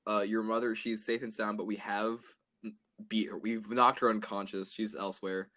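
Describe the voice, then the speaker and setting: A man's voice: fairly low pitch, little pitch movement, normal speed, pushed and bright. A teenage man co-hosting a casual comedy podcast, joking and riffing with a laugh. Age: late teens. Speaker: podcast co-host.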